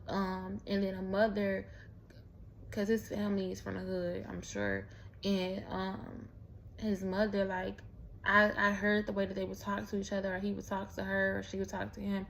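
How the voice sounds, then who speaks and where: A woman's voice: mid-range voice, moderate pace, vocal fry, fairly bright tone, slight background noise. A woman telling a personal story in a candid, profane, rambling way, full of restarts and asides. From Mexican heritage. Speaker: vlogger. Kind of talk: casual storytelling monologue.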